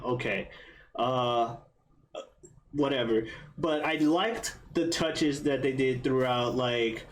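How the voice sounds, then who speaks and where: A man's voice: mid-range voice, slow pace. A man chatting casually about a film he just watched, rambling and swearing as he acts out his own reactions. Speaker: podcast co-host, first-time viewer. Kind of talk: casual movie review chat.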